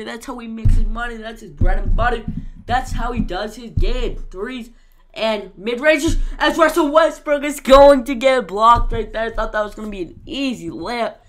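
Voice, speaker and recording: A woman hosting a gaming channel, giving excitable play-by-play commentary on her own match and shouting at the big plays. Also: fairly high pitch. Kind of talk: video game play-by-play commentary.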